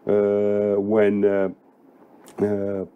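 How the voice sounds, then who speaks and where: A middle-aged man giving unscripted political commentary, deliberate and emphatic, with frequent hesitations. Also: on the low side, monotone, smooth, narrow, tinny audio.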